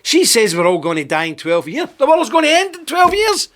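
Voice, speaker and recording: A man's voice: very high-pitched, wildly swooping pitch, fairly quick, a bit bright. A man delivering indignant, sarcastic video commentary.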